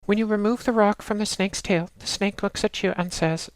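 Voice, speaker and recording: A woman narrating a game walkthrough in a steady, instructional way, talking the player through each step. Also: medium pitch, normal speed, hardly any pauses, no echo. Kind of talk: casual let's-play walkthrough narration.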